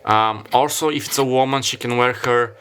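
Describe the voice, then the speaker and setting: A man's voice: mid-range voice, steady tone, moderate pace, fairly bright tone, slight background noise. A man who is not a native English speaker gives a casual tarot reading, rambling and hesitant, often stopping to apologize and correct himself. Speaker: tarot reader.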